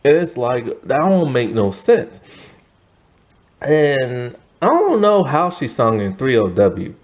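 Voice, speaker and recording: A man's voice: mid-range voice, very animated, slow pace. A man giving a casual, opinionated movie review, rambling with lots of "like" and "you know". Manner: chatty, rambling, heavy use of "like" and "you know"; emphatic, opinionated.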